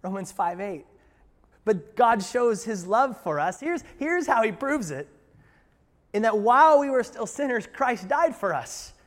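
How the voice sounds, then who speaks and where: Animated preacher in a reverberant hall. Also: male voice, high voice, unhurried. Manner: animated, rising loud for quotes and emphasis; asides to the congregation, joking. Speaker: pastor. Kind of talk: sermon.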